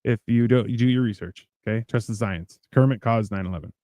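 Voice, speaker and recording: A man co-hosting a casual podcast, telling stories with acted-out voices and deadpan, crude humor. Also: lowish voice, brisk, no echo. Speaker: podcast co-host. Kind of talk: casual chat.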